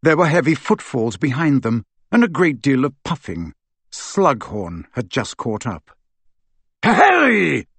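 A man narrating a fantasy audiobook in an expressive storytelling manner. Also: medium pitch, unhurried, no echo. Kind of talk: scripted narration.

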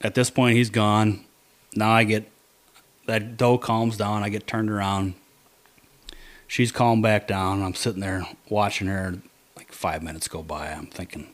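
A man telling a hunting story in casual chat, animated, dropping to low mutters to quote his own thoughts. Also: measured pace.

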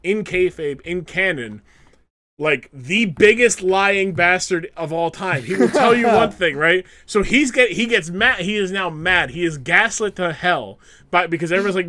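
A man's voice: sits high, moderate pace. A man co-hosting a casual podcast chat, telling stories with lots of energy and acting out the people he quotes. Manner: animated storyteller acting out quotes. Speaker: podcast co-host.

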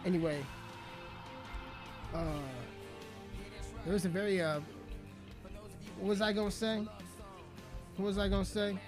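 A man's voice: high-pitched, fairly even intonation, unhurried, pauses often. A man, a rapper, delivering an aggressive, mocking, profanity-heavy ranting monologue. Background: music playing.

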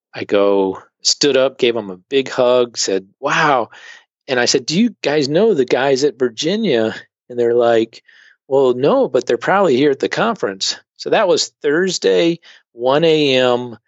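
A man's voice: medium pitch, no echo, dull audio. A middle-aged man telling a personal story as a guest, rambling with frequent fillers and restarts. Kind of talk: conversational testimony.

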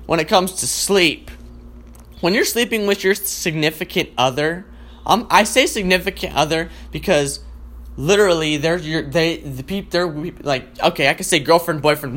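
Bright, high-voiced man ranting comically. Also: moderate pace. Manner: profane, excitable, rambling. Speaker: host. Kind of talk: comedic rant.

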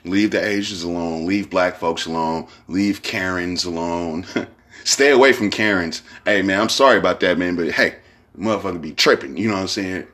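A man's voice: sits low, moderate pace, fairly bright tone. A man hosting his own podcast, talking in a loose, rambling way with lots of slang and profanity and repeated "you know what I'm saying". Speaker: podcast host. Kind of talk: casual solo podcast monologue.

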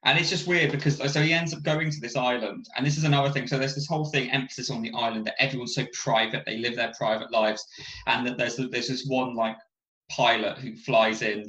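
A man's voice: mid-range voice, sharp tone, reverberant, rough recording. A man talking casually about a film, rambling with many fillers and restarts.

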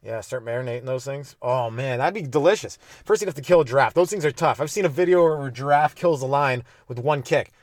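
A man's voice: medium pitch, fast talker, hardly any pauses, no echo, studio quality. A man hosting a solo comedy podcast, riffing loosely on his own jokes, swearing, laughing at himself and slipping into silly voices. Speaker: stand-up comedian and podcast host. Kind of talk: rambling solo comedy riff.

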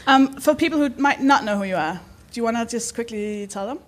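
Live podcast host, woman, high giggly voice, swears, self-deprecating. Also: fast talker, slight background noise. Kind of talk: live podcast chat before an audience.

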